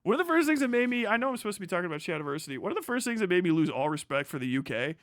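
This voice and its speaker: Streamer host, man: sarcastic, swearing, rambling rant, slightly high voice, dry sound. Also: sing-song, rapid-fire, no room sound. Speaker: livestream host.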